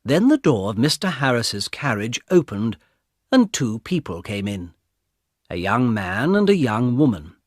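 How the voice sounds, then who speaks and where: Male storyteller for learners: deliberate, slow, expressive pitch, dry close sound. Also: dry recording. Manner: clear, deliberate. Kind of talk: slow scripted story narration for English learners.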